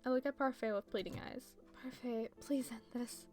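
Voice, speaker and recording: A woman streamer reading a visual novel aloud in first person, with steady storytelling narration and small slips. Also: on the high side, normal speed, soft background music. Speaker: let's play streamer.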